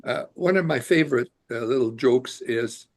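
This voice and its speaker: A man's voice: mid-range voice, moderate pace, a little mellow. A man as a podcast guest, talking earnestly in casual conversation and searching for his words as he goes. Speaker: guest, immigration attorney.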